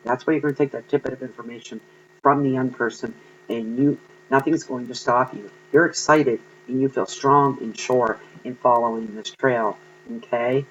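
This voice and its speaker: A man giving an earnest, encouraging tarot reading to viewers, pausing often with ums. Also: mid-range voice, steady tone, a bit bright, dull audio, slight background noise. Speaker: tarot card reader.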